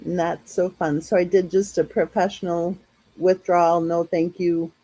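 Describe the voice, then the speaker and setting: A woman chats casually with her viewers in a live stream. Her voice is mellow and slightly husky. She speaks slowly and rambles in a friendly way, full of little fillers. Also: on the low side, flat delivery, poor audio. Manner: chatty, rambling, lots of "like" and "you know". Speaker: true crime channel host.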